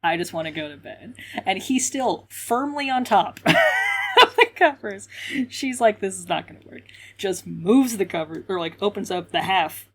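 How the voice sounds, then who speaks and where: A woman's voice: mid-range voice, sing-song, a little slow, slightly rough. A woman co-hosting a podcast, retelling scenes in casual chat with quoted lines and frequent laughter. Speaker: podcast co-host.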